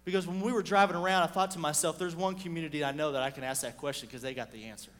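A man preaching a sermon, telling a story with animated swings between loud and hushed delivery. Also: on the high side, rapid-fire, in a large hall. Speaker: pastor.

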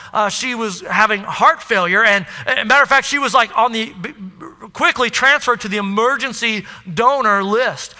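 A man speaking as a genuine, tender-hearted young man sharing a hard family story, halting and emotional. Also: very high voice, pushed and bright, full character voice. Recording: echoey hall.

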